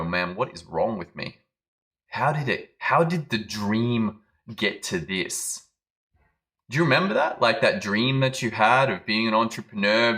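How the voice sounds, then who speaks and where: A man's voice: lowish voice, sharp tone. A man giving a motivational business talk, telling a dramatic story and acting out quoted lines. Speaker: business coach.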